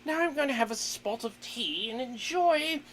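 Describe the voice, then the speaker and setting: A man's voice: very high voice, lively intonation, normal speed, a bit bright, slight background noise, voice pushed up. A man voicing a pompous, refined male English aristocrat with a plummy, theatrical manner. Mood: gushing. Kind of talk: livestream chat bit.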